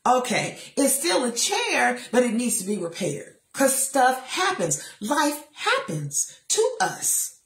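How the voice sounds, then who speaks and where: A middle-aged woman giving a faith-based motivational talk from a chair, emphatic and sassy, with lively asides to her listeners. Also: on the high side, takes it slowly, roomy sound. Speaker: motivational speaker. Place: seated in a chair.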